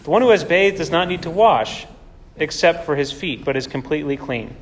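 A man's voice: on the high side, animated, fairly quick, lightly acted. A man voicing a patient, authoritative male teacher in a sermon, earnestly explaining. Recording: long hall reverb.

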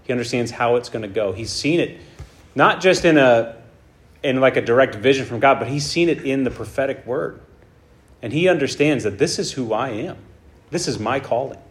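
A man's voice: medium pitch, normal speed. A man preaching a casual, conversational sermon who keeps checking in with his listeners and reads scripture aloud with emphasis. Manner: informal teaching, frequent "right?" check-ins. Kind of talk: conversational sermon on a Bible passage.

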